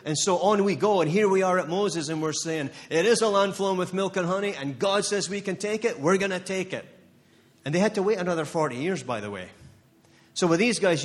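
A man's voice: a little high, big-room sound. A male pastor preaching a sermon, impassioned and building to fired-up declarations with emphatic repeated phrases.

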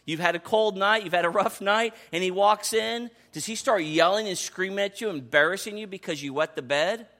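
A man in his thirties preaching a sermon in a conversational, animated way, dropping to soft asides and rising to excited calls. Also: sits high, fairly quick, few pauses. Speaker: pastor.

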